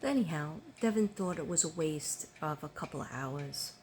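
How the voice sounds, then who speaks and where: A woman's voice: sits low, animated, normal speed, darkish tone, a little hiss or hum. An older woman chatting casually to her viewers, rambling with many ums and restarts. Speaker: vlogger.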